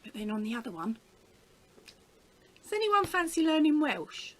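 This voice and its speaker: A woman's voice: sits high, big pitch swings, moderate pace, fairly bright tone, poor audio. A middle-aged woman from the UK, chatting casually to camera as a crafting vlogger, telling stories with a giggle.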